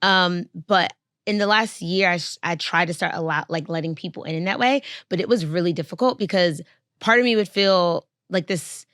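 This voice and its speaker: A woman co-hosting a podcast, telling stories in a slangy, animated way. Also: fairly low pitch, normal speed, dry recording, studio quality. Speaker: podcast co-host. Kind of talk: casual chat.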